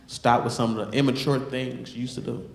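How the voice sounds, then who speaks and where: A man's voice: medium pitch, steady tone, brisk, creaky, reverberant. A man in his thirties doing a stand-up set, telling casual, wry stories. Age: 30s. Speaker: stand-up comedian. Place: comedy club stage.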